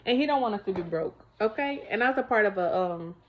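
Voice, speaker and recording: A woman's voice: mid-range voice, animated, fast, dull audio, a little hiss or hum. A woman vlogging at home, chatting emphatically to her viewers about faith and money. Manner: chatty, emphatic, keeps calling viewers y'all. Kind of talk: casual faith testimony to viewers.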